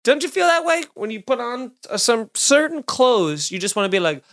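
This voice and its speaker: A man in his thirties hosting a podcast alone, doing a sarcastic comedic monologue with loud bursts and muttered asides. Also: extremely high pitch, big pitch swings, normal speed. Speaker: podcast host. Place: home studio, recording alone.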